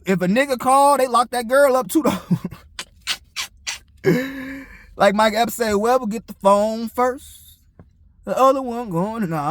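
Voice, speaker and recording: A young man delivers a casual, preachy monologue, blunt and full of profanity. His voice sits high for a man. The sound is close and dry, with no room echo. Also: a bit bright. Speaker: commentator.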